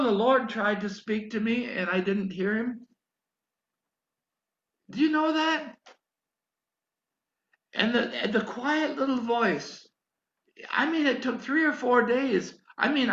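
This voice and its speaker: An older man preaching a sermon, telling a story in an animated way that rises to emphatic pleading. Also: very high-pitched, a little slow, long pauses, roomy sound, muffled recording.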